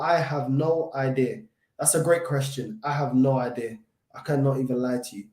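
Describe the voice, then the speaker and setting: A London man hosting a football fan channel, chatting casually with his live chat, slangy and animated, still short of breath from covid. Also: a little high, reverberant.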